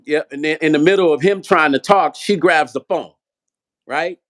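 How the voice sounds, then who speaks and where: Animated man telling a heated story. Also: on the high side, normal speed. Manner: animated storyteller, acts out quoted dialogue, profane. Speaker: vlog host, musician. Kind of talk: storytelling chat.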